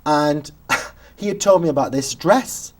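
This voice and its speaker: A man's voice: fairly high pitch, a little slow. A British man hosting a talk show, telling anecdotes in casual chat and acting out the lines of the people he quotes. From Britain. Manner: animated storyteller who acts out quotes.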